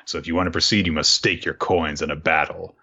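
A man's voice: very deep voice, fairly even intonation, fast, pushed and bright, slightly rough, pitched below the performer's own voice, heavily acted. A man voicing a smug, handsome young male rival mage who talks down to others. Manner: arrogant, condescending.

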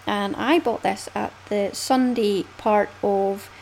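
A Scottish woman hosting a casual knitting podcast, chatty and quick to laugh, often swooping up in pitch. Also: fairly even intonation, creaky, darkish tone, a little hiss or hum, low-quality recording. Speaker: podcast host.

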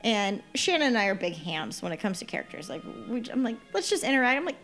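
A woman on a casual podcast, a lively storyteller who acts out the dialogue in her anecdotes. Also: medium pitch, fast, faint music behind. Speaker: podcast co-host giving a trip report.

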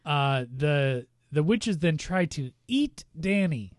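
A man co-hosting a casual podcast, recapping a movie as an animated storyteller who acts out quotes. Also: on the high side, slow pace, no room sound, studio quality. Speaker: podcast co-host.

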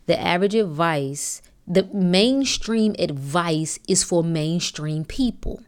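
Woman, podcast host, preachy and blunt, swears freely, swings from low and hushed to loud and fervent. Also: animated, slow. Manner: preachy, blunt, profane, rising to fervent emphasis. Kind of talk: motivational monologue.

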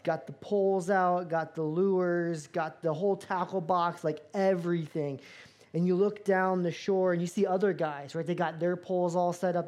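A man from Florida, a pastor, preaching a sermon with animated, self-mocking storytelling. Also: sits high. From Florida, USA.

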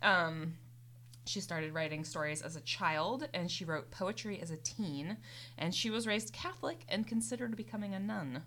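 This podcast host is a young woman whose fairly low, fairly bright voice moves at a normal speed. Her talk is a loose, chatty biography, rambling and packed with fillers like "um" and "like."

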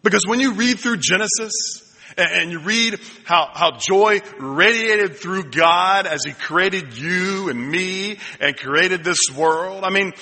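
A man's voice: high-pitched, slow pace, sharp tone. A middle-aged male pastor preaching a sermon, telling stories with self-deprecating humor. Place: church sanctuary. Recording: long reverb in a church hall.

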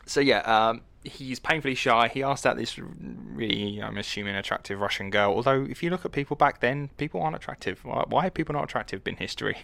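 A man's voice: medium pitch, fast, gravelly, hardly any pauses, a bit bright, no room sound. A man hosting a casual, joking history podcast, rambling and swearing freely as he tells the story.

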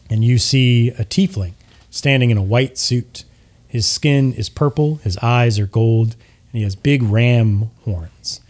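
A man narrating as game master of a tabletop game in a relaxed, descriptive way. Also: mid-range voice.

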